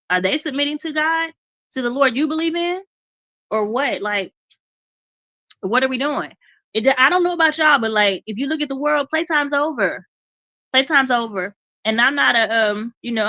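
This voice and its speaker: A woman hosting a live faith talk in a bright, forceful voice that sits a little high. She talks to her listeners with questions and repeats her key lines like a preacher. The sound is dry and a bit dull. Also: no echo. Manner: reads points aloud and repeats key phrases. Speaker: host.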